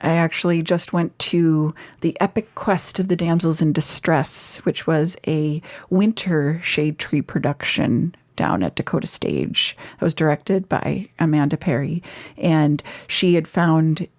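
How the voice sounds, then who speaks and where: A woman guest, an actress, chatting in a casual interview in an animated, talkative way. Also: deep voice, a little slow. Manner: chatty, animated, laughs easily.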